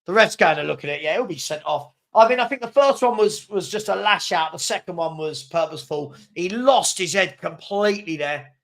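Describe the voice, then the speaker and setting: Hosting a live football watchalong, a man with a notably high, gravelly, slightly bright voice talks briskly with few pauses. Casual and animated, he reacts to the game and replies to viewers' comments with frequent chuckles.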